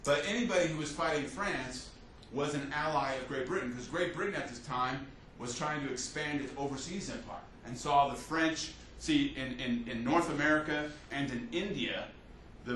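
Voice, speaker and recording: A man teaching a history class as a lecturer, telling the story with lively restarts and fillers. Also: mid-range voice, normal speed, hardly any pauses. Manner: animated storytelling with many restarts. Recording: echoey classroom from a distance, faint hiss.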